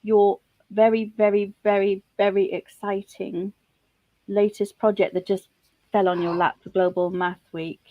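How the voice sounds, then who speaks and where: A woman's voice: mid-range voice, flat delivery, measured pace, no room sound, highs cut off. A woman hosting a live online maths lesson, chatting with her guest and thinking aloud.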